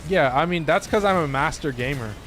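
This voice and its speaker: A man's voice: on the high side, lively intonation, fairly quick, fairly bright tone, faint music behind. A man live-streaming a video game, chatting casually with viewers, joking and laughing often. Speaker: gaming streamer.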